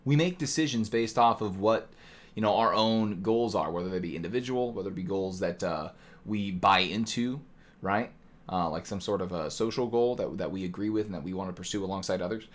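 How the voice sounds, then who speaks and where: A man's voice: low voice, fairly quick. A man casually explaining economics to a live chat, asking "right?" often and now and then slipping into mock voices. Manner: talkative, rhetorical "right?" tags, mock voices. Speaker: streamer teaching economics.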